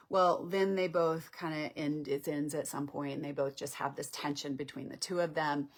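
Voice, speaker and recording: A woman's voice: deep voice, fairly even intonation, normal speed, few pauses. A woman relationship coach explaining on a live stream in a conversational way, often checking in with "right?". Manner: conversational, acts out couples' lines, checks in with "right?".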